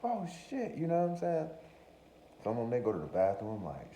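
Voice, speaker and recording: A man's voice: a little high, big pitch swings, fast, creaky, dark tone, lo-fi sound. A man hosting a podcast, riffing in a rambling, profane, joking monologue, often breaking off to say he is only playing. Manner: profane, joking, self-interrupting. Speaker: podcast host. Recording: roomy echo with faint room noise.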